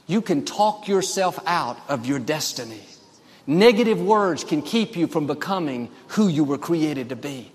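A man's voice: on the high side, lively intonation, normal speed. A man preaching a sermon with emphatic, repeated declarations. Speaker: pastor. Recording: long reverb of a large hall.

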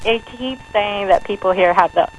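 A woman's voice: medium pitch, normal speed, crowd noise, rough recording. A woman calling in to a radio show, giving brief, hesitant answers. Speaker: caller. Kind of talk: phone-in chat.

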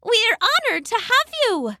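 A woman voicing a group of tiny, kindly glowing fairies in a storybook, speaking sweetly and warmly. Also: very animated, a little slow, no echo, clean studio sound, heavily acted. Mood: gentle. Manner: sweet, high, welcoming.

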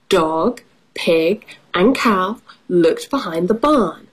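A woman's voice: medium pitch, expressive, slow, husky, low-quality recording. A woman reading a farm picture book to children as an English lesson, asking questions and making playful animal sounds. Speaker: storybook reader and English teacher.

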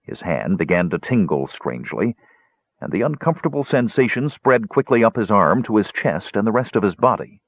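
A man narrating a fantasy audiobook with expressive storytelling. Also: on the low side, a little fast, husky, no echo. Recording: dull, dry lo-fi recording.

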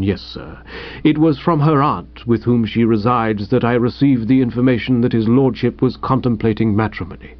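A man voicing a calm, formal and deferential male valet who speaks in measured sentences. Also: mid-range voice, natural voice. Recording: dull dry recording.

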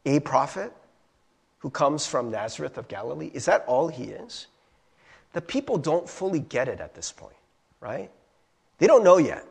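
A man preaching a sermon as a pastor, animated, acting out crowd voices and asking rhetorical questions. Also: on the high side, normal speed, creaky, long pauses, husky.

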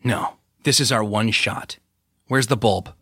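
Male narrator as cool young woman; low, quiet, unflappable. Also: steady tone, a little slow, slightly rough, dry recording, clean studio sound, exaggerated voice. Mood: calm.

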